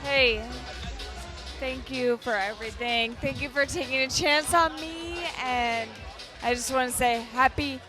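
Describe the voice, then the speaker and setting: A woman's voice: sits high, unhurried, music in the background. A woman giving a grateful, slightly nervous birthday toast.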